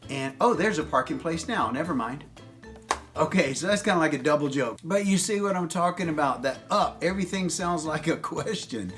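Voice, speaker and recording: A man's voice: fairly high pitch, lively intonation, a little fast, a bit bright, soft background music. A man in his fifties hosting an advice video, lecturing young people in a teasing, jokey way. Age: 50s. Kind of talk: casual advice monologue.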